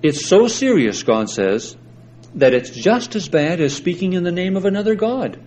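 A man preaching a sermon, explaining scripture slowly and deliberately and stressing the verses he quotes. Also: high voice, sing-song, a little mellow, poor audio. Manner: slow, deliberate Bible exposition with emphatic scripture quotes.

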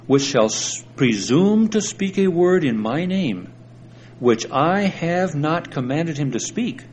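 Male pastor, measured sermon delivery, slow, lively pitch, faint hum in the background. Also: rough recording. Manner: slow, deliberate Bible exposition with emphatic scripture quotes. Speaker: preacher.

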